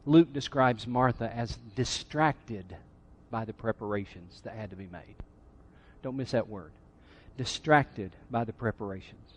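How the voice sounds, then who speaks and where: A man's voice: mid-range voice, measured pace. A middle-aged male pastor preaching a sermon in a church, conversational and teasing the congregation. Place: church sanctuary.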